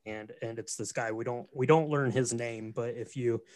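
A man's voice: medium pitch, moderate pace, no room sound. Guy talking through a movie plot, laid back, lots of ums, dry sound. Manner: relaxed storytelling with fillers. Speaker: podcast co-host. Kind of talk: casual film recap chat.

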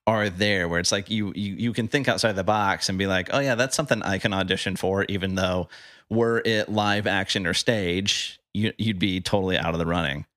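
A man's voice: deep voice, steady tone, normal speed, fairly bright tone, no echo, clean studio sound. A man hosting a podcast, chatting casually and rambling, repeating words and often tagging "right?" on the end. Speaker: podcast host.

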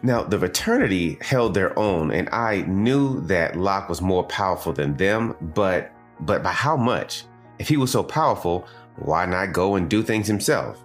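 A Southern American man hosts a casual review show in a low voice. He swings his pitch around a lot as he chats and drifts into tangents. Soft music plays faintly behind him. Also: animated, measured pace. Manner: conversational, with digressions and asides to the audience. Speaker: anime reviewer and podcast host.

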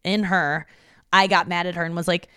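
A woman's voice: fairly low pitch, fairly even intonation, normal speed, sharp tone, clear, resonant tone, no echo, studio quality. A woman hosting a comedy podcast alone, rambling casually from home with plenty of swearing and acted-out conversations. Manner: rambling and profane, acts out conversations. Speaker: podcast host. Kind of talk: casual solo comedy monologue.

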